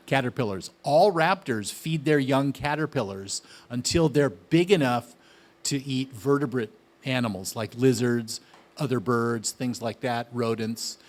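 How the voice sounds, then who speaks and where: A man's voice: mid-range voice, a little slow. A man giving a casual, enthusiastic gardening talk, often asking his listeners questions. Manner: chatty, enthusiastic, asks the audience questions. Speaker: gardening speaker.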